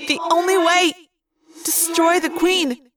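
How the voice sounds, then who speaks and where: A woman's voice: extremely high pitch, slow pace, recorded from a distance, music in the background, voice pushed up. A woman reading aloud, voicing a desperate teenage girl under mind control who cries out in frantic pleas.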